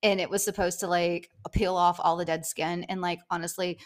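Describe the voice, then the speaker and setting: A middle-aged woman co-hosting a podcast, telling a story in a casual chat and acting out the quotes with big jumps in pitch. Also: level tone, moderate pace. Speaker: podcast co-host.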